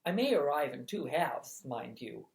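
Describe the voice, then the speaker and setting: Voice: medium pitch, very animated, a little slow, vocal fry, echoey room. A storyteller voicing a mischievous, theatrical little boy who whines and pleads, in a storybook reading. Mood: mock-sad. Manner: whiny, pleading.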